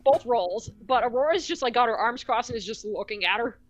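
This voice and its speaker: A woman's voice: on the high side, expressive, heavy background noise. A woman playing in a tabletop game, chatting casually and tripping over her words. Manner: stammering, quick to react. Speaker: player. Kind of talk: casual chat during a game.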